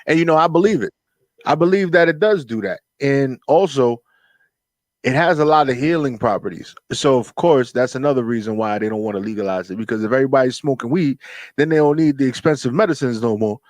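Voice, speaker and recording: A man's voice: medium pitch, a little fast, dry recording. A man hosting a casual radio talk show, laid-back and preachy, full of street slang.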